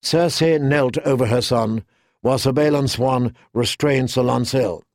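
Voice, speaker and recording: Steady male audiobook narrator, a bit gravelly, dry close sound. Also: mid-range voice, measured pace, no room sound. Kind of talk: scripted fantasy narration.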